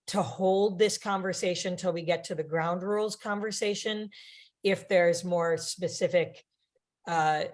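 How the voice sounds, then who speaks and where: A woman facilitating a meeting on a video call, calmly steering the discussion back to procedure. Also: medium pitch.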